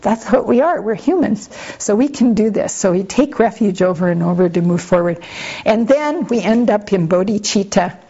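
A woman gives a relaxed Buddhist dharma talk in a mellow, warm voice. Her delivery is conversational and lightly humorous, with frequent asides to her listeners. The recording sounds slightly muffled and lo-fi. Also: mid-range voice, moderate pace, breathy edge. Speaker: Buddhist teacher.

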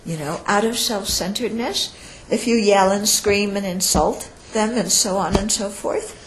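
A woman's voice: mid-range voice, echoey room, noisy background. A woman giving a Buddhist teaching to an audience in a conversational way, often checking in with listeners and acting out quoted speech. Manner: acts out quoted speech with lively shifts in voice. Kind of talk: dharma talk to an audience.

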